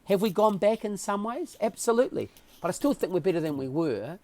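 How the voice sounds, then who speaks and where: A man with a New Zealand accent, a podcast guest telling stories in a casual interview with animated, emotional delivery. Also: sits high, fairly quick.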